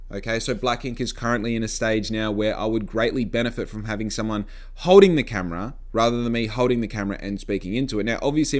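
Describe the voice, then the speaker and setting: A man casually vlogging to camera, blunt and sarcastic, swearing freely, recorded on a phone mic. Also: medium pitch. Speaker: podcaster and vlogger. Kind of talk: casual talking-to-camera vlog. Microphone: phone microphone.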